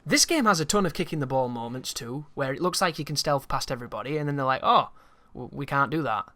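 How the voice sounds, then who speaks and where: A man's voice: a little high, animated, fast talker, fairly bright tone. A man giving casual, rambling, opinionated commentary over a video game, swearing freely as he talks. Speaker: gameplay commentator.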